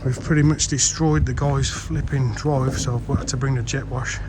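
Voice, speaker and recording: A man's voice: mid-range voice, steady tone, moderate pace, noisy background. Chatty man vlogging a dig. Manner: chatty, mild swearing, calls viewers guys. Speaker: pond builder vlogging his project. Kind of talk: casual on-site vlog. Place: outdoor building site in a garden. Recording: music playing underneath.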